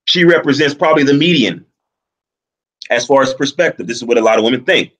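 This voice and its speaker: A man hosting a livestream, arguing his points in a deliberate, explanatory way. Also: mid-range voice, fairly bright tone, low-quality recording. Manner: deliberate, argumentative, explains at length. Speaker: livestream host. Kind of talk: livestream commentary.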